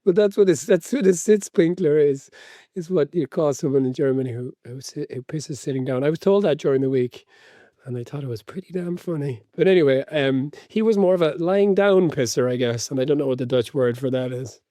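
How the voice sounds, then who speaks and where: A man's voice: on the high side, brisk, mellow, no echo, studio quality. A man co-hosting a football book podcast, chatty and rambling, amused by his own tangents. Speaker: podcast co-host. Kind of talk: casual chat.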